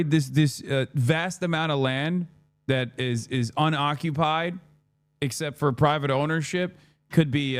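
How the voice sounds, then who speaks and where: A man's voice: medium pitch, normal speed, no room sound. Mocking, heated streamer man, dry sound. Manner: mocking, heated, swears often, laughs at clips. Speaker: streamer reacting to clips. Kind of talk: profane reaction commentary.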